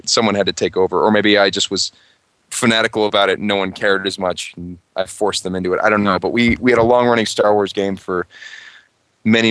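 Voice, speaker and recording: A man chatting casually on a gaming podcast, rambling and joking, quick to laugh. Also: on the low side, fairly bright tone, dry recording. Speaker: tabletop game master on a gaming podcast.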